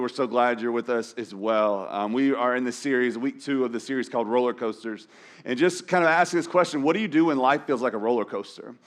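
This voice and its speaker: A man preaching a sermon in a conversational, self-deprecating way, often restarting his sentences. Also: mid-range voice. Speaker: pastor. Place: church auditorium.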